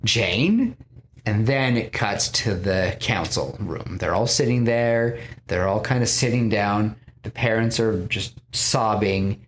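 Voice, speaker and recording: A man's voice: lowish voice, a little slow, few pauses, a little hiss or hum. A man hosting a podcast, casually retelling a film scene by scene with lots of restarts and quoted lines. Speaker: podcast host pitching a film.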